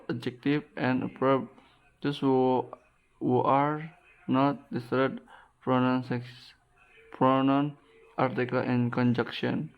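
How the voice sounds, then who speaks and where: A man with an Indonesian accent reads a class presentation slowly, stumbling and restarting words. His voice is smooth and flat in pitch. The recording sounds dull and lo-fi. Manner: halting, with frequent restarts and repeated words. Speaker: student presenter.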